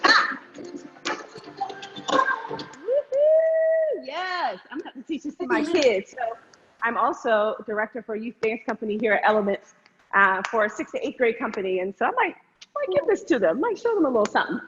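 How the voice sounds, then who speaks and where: A woman's voice: fairly high pitch, sing-song, fast talker, fairly bright tone. A woman teaching an online hip hop dance class, upbeat and counting beats aloud. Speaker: dance instructor. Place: room, virtual class. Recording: echoey, dull lo-fi sound with faint noise.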